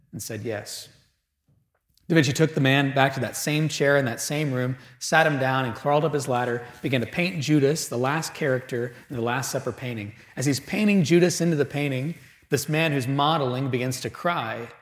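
A man preaching a sermon, telling a story with dramatic pauses and moving between loud and hushed delivery. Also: mid-range voice, echoey room.

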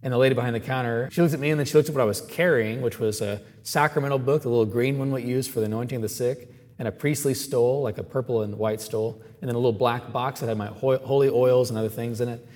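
A man who is a Catholic priest, telling a story in a lively, chatty sermon with asides to the congregation. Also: mid-range voice, fast talker, big-room sound.

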